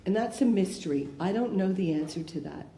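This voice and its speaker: A woman's voice: mid-range voice, lively intonation, brisk, mellow. A woman speaking candidly at a recovery meeting, asking rhetorical questions in a conversational way. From Canada. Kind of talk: personal share at a recovery talk. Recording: echoey room with faint noise.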